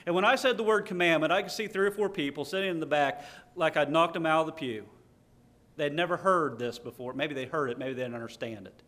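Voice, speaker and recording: A man delivers a sermon from the pulpit, leaning hard on key words as he reads out scripture. His voice sits a little higher than most men's. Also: quick pace, a bit bright. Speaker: preacher.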